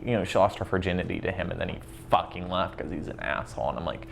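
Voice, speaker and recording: Guy with a lowish voice, chatty fan rant, lots of ums and swearing, laughs a lot. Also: fast talker, gravelly, few pauses, a bit bright, slight background noise. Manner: swears freely, laughs often, many ums. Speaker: interviewee, show fan. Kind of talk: casual chat.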